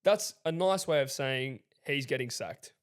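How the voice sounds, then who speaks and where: A man's voice: mid-range voice, animated, unhurried, clear, resonant tone. Man, mid-range voice, easygoing rambling podcast co-host who laughs easily. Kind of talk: casual chat.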